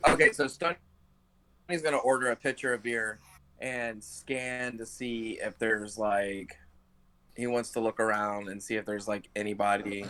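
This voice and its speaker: A man playing a tabletop game over voice chat, asking hesitant, halting questions. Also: lowish voice, fairly even intonation, a bit bright, dry recording. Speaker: player.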